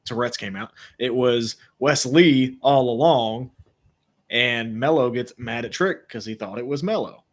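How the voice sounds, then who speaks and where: A man co-hosting a podcast, asking quick questions and making blunt, joking remarks about wrestling. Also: medium pitch. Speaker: podcast co-host. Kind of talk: casual wrestling chat.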